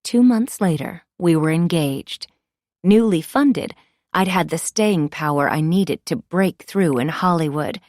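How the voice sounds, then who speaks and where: Woman audiobook narrator, lower pitch, measured confiding first-person delivery. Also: darkish tone, no echo, studio quality.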